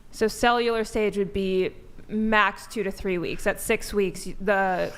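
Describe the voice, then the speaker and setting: A woman's voice: mid-range voice, steady tone, measured pace, clean tone. A woman panelist in a podcast debate, asking pointed, insistent questions and quoting scripture.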